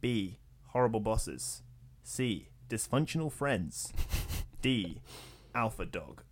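A man hosting a podcast, chatting casually with sardonic jokes and quick asides. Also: on the low side, animated, slight background noise. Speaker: podcast host. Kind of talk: casual chat.

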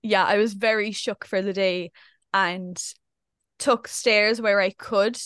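A woman's voice: medium pitch, steady tone, takes it slowly, a bit bright, clear, resonant tone, no room sound, studio quality. A young adult woman, co-hosting a casual podcast and telling a story in a chatty way, acting out what people said. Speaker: podcast co-host. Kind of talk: casual chat.

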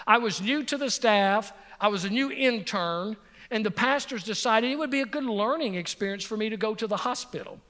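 A middle-aged male pastor preaching a sermon and telling a personal story, emphatic and repetitive, sometimes dropping to a soft voice on key points. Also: high-pitched, in a large hall. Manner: emphatic, repeats phrases for effect, drops to a soft voice on key points.

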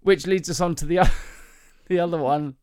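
A man's voice: on the high side, normal speed, a little mellow, smooth, no room sound, clean studio sound. A man hosting a podcast, chatting casually and telling jokes, rambling and laughing often. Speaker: podcast host. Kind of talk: casual chat, joke telling.

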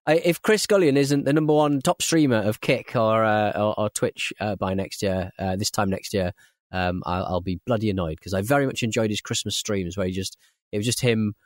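A man's voice: on the low side, a little fast, no echo, studio quality. A northern English man co-hosting a podcast in casual chat, rambling and chuckling through his sentences. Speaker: podcast co-host.

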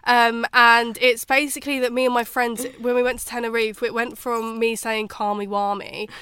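A woman's voice: a little high, level tone, normal speed, bright, forceful tone. Chatty young woman podcaster. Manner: chatty, sweary, giggly. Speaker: podcast co-host. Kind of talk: casual chat.

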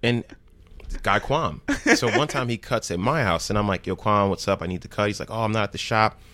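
A man's voice: on the low side, brisk, dry recording. A man from New Jersey, a podcast guest, telling casual stories and acting out the quoted lines of the people in them. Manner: animated, acts out quoted dialogue. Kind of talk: casual storytelling chat.

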